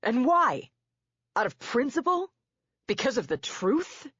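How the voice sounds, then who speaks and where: A woman's voice: high voice, very animated, slow pace, a bit bright, husky, no echo, lo-fi sound, voice pushed up, full character voice. A woman voicing an exasperated middle-aged husband who pleads, then accuses, in an audiobook. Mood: accusing.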